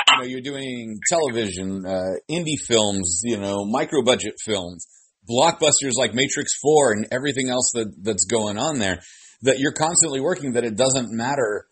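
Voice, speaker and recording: A man interviewing a guest in relaxed, conversational chat, telling his own anecdotes along the way. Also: mid-range voice, slightly rough. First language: Arabic.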